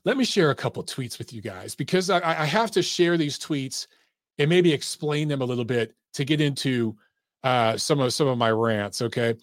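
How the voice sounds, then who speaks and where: A man's voice: medium pitch, expressive, normal speed, dry recording, clean studio sound. A middle-aged man hosting a boxing podcast, ranting in casual commentary with profane, emphatic, repetitive talk.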